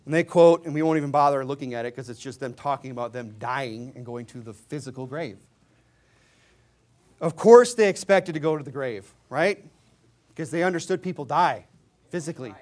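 A man preaches a sermon with brisk, lively intonation, swinging between low asides and loud, emphatic scripture readings. He mocks the views he argues against, mimicking his opponents.

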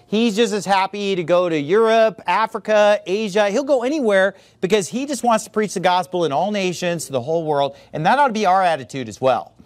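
A man preaching a sermon in an informal, animated way, full of asides to the room and quick mimicry. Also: high voice, no room sound. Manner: informal filler-heavy delivery.

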